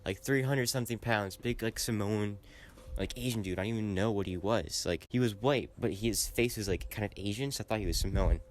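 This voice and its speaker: A young man with a fairly low voice telling a personal story in a loose, rambling way. He leans on "like" as a filler and turns loud and heated when he gets annoyed. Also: brisk. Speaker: gaming channel host. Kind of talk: casual storytelling.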